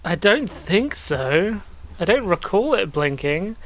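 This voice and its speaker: A man's voice: high-pitched, big pitch swings, slow, fairly bright tone. A man co-hosting a podcast in casual chat, enthusiastic and laughing often. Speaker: podcast co-host.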